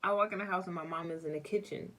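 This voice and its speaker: A young adult woman telling a personal story in a casual vlog, animated and full of slang. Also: on the low side, fast talker. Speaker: vlogger.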